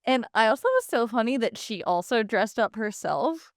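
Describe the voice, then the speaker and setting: A woman's voice: fairly high pitch, big pitch swings, normal speed, no room sound, studio quality. Chatty woman podcast co-host. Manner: chatty, joking interjections. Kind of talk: casual recap chat.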